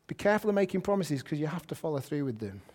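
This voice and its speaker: A man preaching a sermon to a congregation in a lively, conversational way, often putting questions to them. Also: a little high, racing. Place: church hall. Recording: hall reverb.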